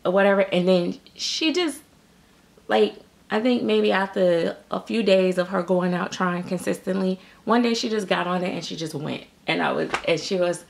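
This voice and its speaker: Rambling woman with a gravelly voice. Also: fairly low pitch, normal speed. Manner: rambling, many fillers and restarts. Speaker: reborn doll artist and vlogger. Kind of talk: casual chat to viewers.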